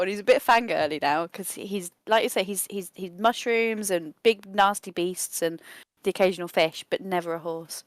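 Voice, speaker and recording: A woman's voice: medium pitch, normal speed, no echo. A woman playing a tabletop game, chatty and laughing as she thinks aloud about her character. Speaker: player.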